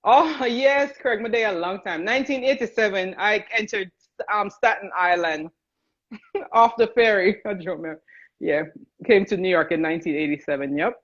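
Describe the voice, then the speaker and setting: Cooking live, this Jamaican-accented host from Jamaica laughs and chats easily, calling out viewers by name. She speaks in a mid-range voice at a moderate pace over muffled, lo-fi stream audio.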